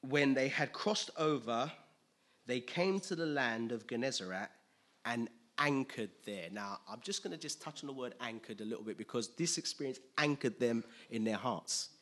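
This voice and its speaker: A man preaching a conversational sermon, chatty and quick to laugh, often asking listeners if they follow. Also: medium pitch, a bit bright.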